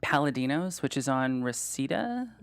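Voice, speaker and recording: A man's voice: mid-range voice, sing-song, moderate pace, gravelly, a bit bright, smooth. A man in his thirties telling a funny story as a guest, rambling with lots of fillers and mocking himself. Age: 30s. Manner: rambling and self-deprecating, with many fillers. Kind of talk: comedic storytelling.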